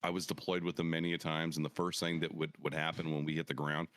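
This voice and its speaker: A man's voice: a bass voice, completely flat delivery, quick pace, fairly bright tone, no room sound, clean studio sound. A man hosting a veterans podcast, talking casually and brashly with lots of profanity and trash talk. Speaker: podcast host.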